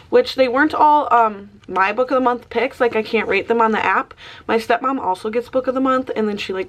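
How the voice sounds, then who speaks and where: Chatty and peppering her talk with "like", a young book vlogger talks casually about what she's reading. Her voice is a little high, with a fairly bright tone.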